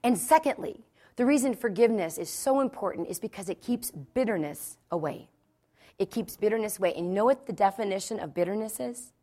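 A woman's voice: medium pitch, lively intonation, a little fast, warm tone. A woman from the Philadelphia area preaching to wives in a conversational sermon, repeating key lines for emphasis and telling personal stories with asides. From New Jersey and Philadelphia, USA. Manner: emphatic and repetitive, storytelling with asides. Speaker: Christian speaker addressing wives.

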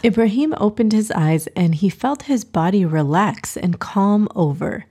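Hauchige Frauenstimme, Kindergeschichte. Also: female voice, medium pitch, expressive, unhurried, few pauses, mellow, breathy edge. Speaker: storyteller. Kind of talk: storybook narration for children.

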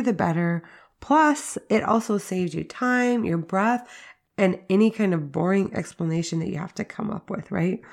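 Gravelly-voiced woman hosting a parenting podcast. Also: lowish voice, a little mellow. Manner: conversational, uses "like" and "right?" as fillers. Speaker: podcast host. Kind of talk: casual teaching monologue.

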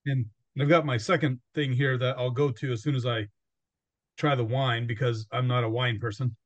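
With fairly even intonation and a normal speed, this man hosts a podcast in a relaxed, rambling chat. He laughs a lot and quotes both himself and other people, and his medium-pitched voice has no room sound.

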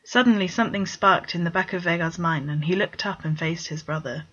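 A low-voiced woman reads a story aloud in plain, steady narration. The sound is dull and lo-fi, like a home recording. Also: fairly quick. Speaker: story reader. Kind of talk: reading fan fiction aloud.

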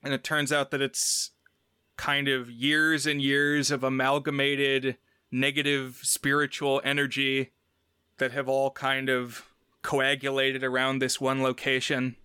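A man's voice: medium pitch, a little slow, clean tone, no echo, studio quality. A man co-hosting a podcast, chatting casually about a film he has watched and animatedly retelling scenes in quoted voices. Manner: animated retelling, quoting characters in raised voices. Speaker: podcast co-host. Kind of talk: casual film review chat.

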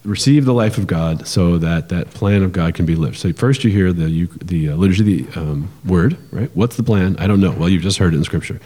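A man's voice: low-pitched, fairly quick, few pauses, warm tone, big-room sound. A man co-hosting a podcast, talking casually and with animation, explaining ideas with lots of fillers and restarts. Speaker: podcast co-host. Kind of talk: casual conversational podcast talk.

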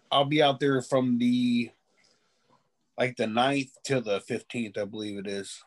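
A man's voice: medium pitch, steady tone, slow. A man in a casual podcast chat, joking and teasing the others. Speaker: co-host.

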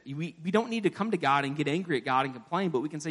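A man preaches in a church with a slightly high voice, and long reverb trails each phrase around the big hall. He talks to the congregation in a casual way, jokes about himself, and acts out the prayers he quotes. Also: expressive, racing, fairly bright tone. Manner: conversational preaching with self-deprecating asides, acting out quoted prayers. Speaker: pastor. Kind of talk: sermon.

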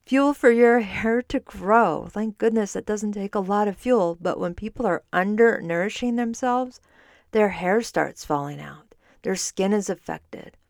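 A woman's voice: medium pitch, a little slow, no room sound, studio quality. A woman hosting a podcast as a fitness and nutrition coach, explaining in a conversational way and correcting herself as she goes. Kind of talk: solo podcast talk. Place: standing while recording.

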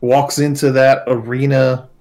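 A man's voice: mid-range voice, flat delivery, a little slow, darkish tone. A man playing a tabletop game, talking casually and conspiratorially. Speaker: player.

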